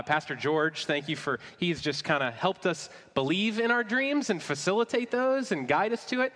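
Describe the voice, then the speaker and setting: Man, pastor, sermon, slightly high voice, humorous storytelling, large church reverb. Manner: warm storytelling with self-deprecating humor. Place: church sanctuary. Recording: long reverb of a large hall.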